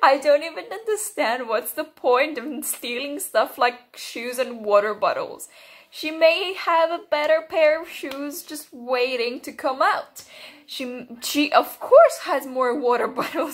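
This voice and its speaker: A young woman giving casual reaction commentary on a TV episode, excitable and often breaking into laughter. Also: sits high, a little slow. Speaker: reaction video host.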